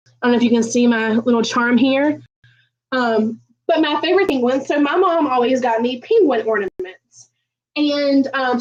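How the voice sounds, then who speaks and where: A woman with a fairly high voice hosts a home cooking livestream from her kitchen, chatting folksily with viewers and saying "um" a lot. The mic is distant and the audio sounds dull.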